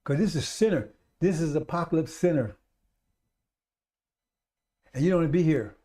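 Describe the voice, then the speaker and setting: A man's voice: fairly high pitch, normal speed, warm tone. A man preaching on live radio, urging his listeners again and again and calling them brothers and sisters. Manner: urgent, repetitive exhortation. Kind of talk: sermon on a live radio stream.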